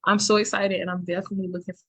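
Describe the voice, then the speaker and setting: A woman in her twenties, a college student on a talk show panel, enthusiastic and quick to laugh. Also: medium pitch, level tone, fairly bright tone, husky, no room sound. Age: 20s.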